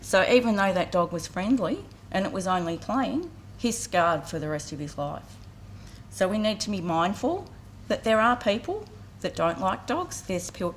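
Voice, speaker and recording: A woman's voice: mid-range voice, a little hiss or hum. Earnest Australian woman giving a talk. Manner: earnest storytelling, acts out voices briefly. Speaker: community vet care speaker. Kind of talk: public talk at a campaign launch. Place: outdoor event with audience.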